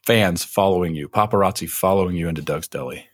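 A man's voice: sits low, fast talker, no room sound, clean studio sound. A man spinning a long rambling story in casual chat, full of fillers.

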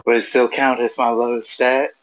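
A man's voice: medium pitch, level tone, moderate pace, muffled recording. A man playing a tabletop game over voice chat, matter-of-fact. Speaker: player. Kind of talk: casual play over voice chat.

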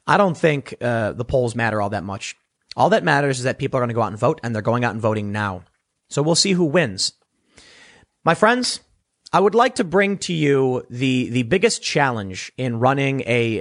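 A man giving opinionated solo political commentary, animated and mocking, often restarting his words. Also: on the high side.

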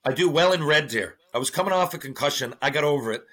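A man, a former hockey player, telling profane, animated stories in a casual podcast interview. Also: a little high, fast, breathy edge. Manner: profane, animated storytelling with acted-out quotes.

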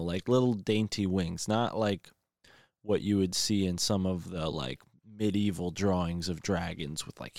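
A man with a fairly low voice casually recaps a film in rambling fashion. He leans on lots of fillers and restarts as he goes, in a dry, close recording. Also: a little mellow, no room sound.

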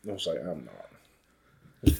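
A young man in casual chat, cracking quick jokes and one-liners with a laugh. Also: a bass voice, expressive, a little mellow, a little hiss or hum.

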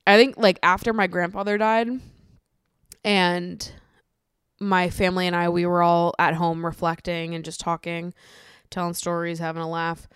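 A woman's voice: fairly low pitch, little pitch movement, normal speed, fairly bright tone, smooth, no room sound, clean studio sound. A young woman hosting a podcast, talking candidly in a rambling, casual monologue and swearing freely. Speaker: podcast host.

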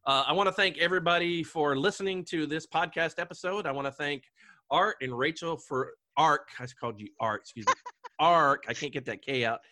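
Chatty podcast host, bright voice. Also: male voice, fairly high pitch, fairly quick, no room sound. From Delaware. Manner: chatty, laughs often. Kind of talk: casual podcast chat.

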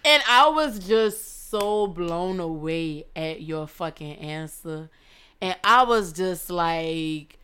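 A woman's voice: on the low side, animated, slow pace, sharp tone, clean tone. A woman co-hosting a casual chat, laid-back and blunt, with frequent swearing. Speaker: podcast co-host.

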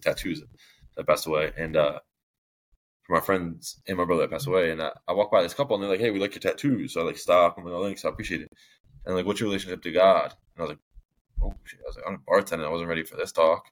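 Brief: young man, extremely low voice, long-winded casual storyteller, guest on a podcast. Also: fairly bright tone. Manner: rambling, heavy use of "like", long-winded.

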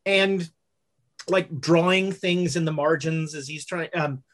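A woman's voice: sits low, takes it slowly. Rambling woman running a game. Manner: rambling, many fillers and self-corrections. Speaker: game master. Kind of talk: narrating a tabletop game.

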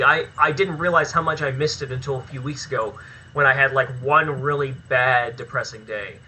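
A man being interviewed as a filmmaker and actor, talking in an animated, rambling way with plenty of swearing in a casual chat. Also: fairly high pitch, a little hiss or hum, low-quality recording.

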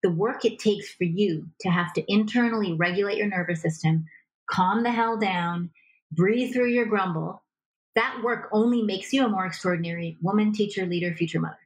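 A woman coaching on relationships as a guest in an interview, lively and acting out example dialogue as she explains. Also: mid-range voice, normal speed, low-quality recording. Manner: animated, acts out example dialogue. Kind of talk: conversational advice in a podcast interview.

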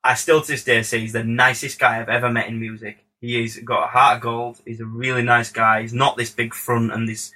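A man, a music producer, tells a story in lively, casual chat, swearing freely and acting out what people said. His voice is bright and forward with a husky grain. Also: medium pitch, fairly quick, few pauses, rough recording. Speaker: music producer, podcast guest. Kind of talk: casual anecdote.

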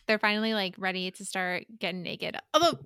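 Young woman, co-host, casual book chat, crisp bright tone, dry close recording. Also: medium pitch, lively intonation, a little fast, no room sound. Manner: chatty, laughing, drops to a soft aside. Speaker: podcast co-host.

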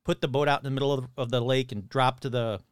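A man's voice: medium pitch, quick pace, smooth, dry recording, clean studio sound. A man casually retelling a story he heard, acting out the voices of the people in it with loose, swearing talk. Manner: animated retelling, acts out quoted voices.

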